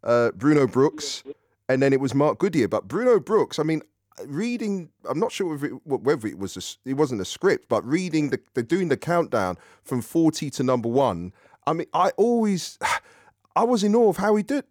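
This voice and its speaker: A man's voice: a little high, big pitch swings, moderate pace, a little mellow, no room sound. Chatty male radio presenter, dry studio sound. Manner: friendly, chatty, with fillers. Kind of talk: radio phone-in chat.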